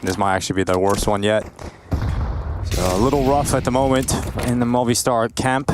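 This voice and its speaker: A man commentating a competitive video game match as caster, calling plays that rise in excitement on big moments, then chatting analysis with his co-caster. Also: mid-range voice, fairly quick, noisy background. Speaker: esports caster.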